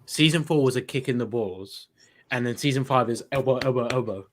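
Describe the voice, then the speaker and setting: A man co-hosting a casual podcast, jokey and quick to laugh. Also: mid-range voice, a crowd in the background. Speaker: podcast co-host. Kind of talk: casual chat.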